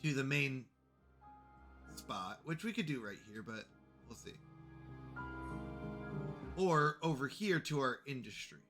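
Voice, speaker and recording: A man's voice: mid-range voice, sing-song, unhurried. A man chatting casually with his viewers while playing a game on a live stream, rambling and friendly. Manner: chatty, rambling, talks to chat. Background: faint background music.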